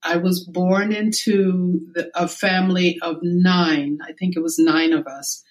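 An older woman from the American South, a guest in an interview, telling a personal childhood story slowly and reflectively. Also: fairly low pitch, fairly even intonation. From South Carolina, US. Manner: slow, reflective storytelling with quoted voices.

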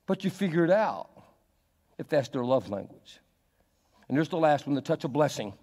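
A man's voice: fairly high pitch, sing-song, moderate pace. Man preaching in a long reverberant hall. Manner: dynamic preaching, swinging from soft to loud and emphatic. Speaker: pastor. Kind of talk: sermon.

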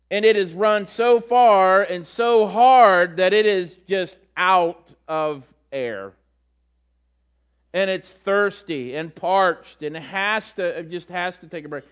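A man's voice: sits high, fairly bright tone. Man preaching a storytelling sermon. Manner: storytelling, acts out quotes with voices. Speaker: pastor.

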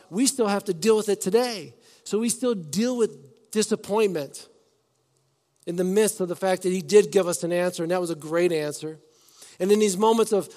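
A pastor delivers his sermon in a high, light voice. He is animated, rising loud on his key words and then dropping to a hushed murmur. The sound carries a long hall reverb. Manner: animated, swings between loud emphasis and soft hushed lines.

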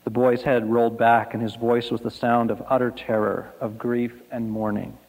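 A man preaching a sermon, telling a story slowly and dramatically, letting his lines fade to a hush. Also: mid-range voice, flat delivery. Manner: slow, dramatic storytelling with soft, hushed line endings. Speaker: pastor. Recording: echoey hall.

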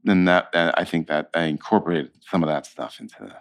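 Very deep-voiced man telling stories. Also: a little fast. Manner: animated storyteller with frequent restarts and laughs. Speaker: actor, interview guest. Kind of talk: conversational anecdotes.

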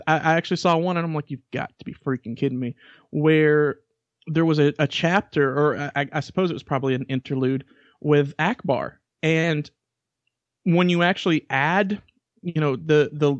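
A man's voice: on the high side, no echo. Rambling man on a dull, dry line. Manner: rambling with many restarts and fillers. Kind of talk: casual book-review discussion.

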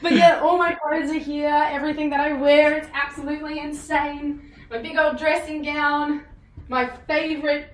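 A woman's voice: sits high, little pitch movement, normal speed. A young woman, chatting bubbly as a guest over a video call, laughing often. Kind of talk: casual interview chat.

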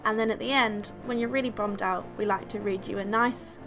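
A woman's voice: medium pitch, fairly even intonation, a little fast, over music, poor audio. A woman co-hosting a podcast, chatting casually with playful, sarcastic quips. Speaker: podcast co-host. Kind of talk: casual chat.

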